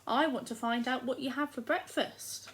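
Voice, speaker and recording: High-voiced English teacher addressing small children. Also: female voice, fairly bright tone, slight background noise, poor audio. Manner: slow, clear, encouraging, speaks to small children. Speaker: primary school teacher. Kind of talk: recorded remote lesson for young children.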